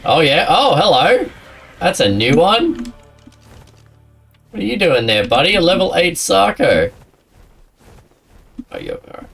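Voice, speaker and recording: Recorded from a distance, a man with a mid-range, gravelly yet fairly bright voice chats casually on a gaming live stream. He talks with his viewers and a friend, frequently laughing and rambling.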